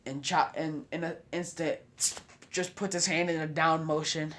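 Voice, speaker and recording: A man's voice: on the high side, fairly even intonation, moderate pace, fairly bright tone, slight background noise. A man casually narrating a fan fiction story, rambling with offhand asides.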